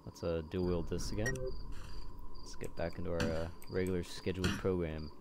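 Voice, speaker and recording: A man's voice: deep voice, level tone, fairly quick, heavy background noise. A young man commentating a horror game, jumpy and swearing when scared. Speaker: gameplay commentator.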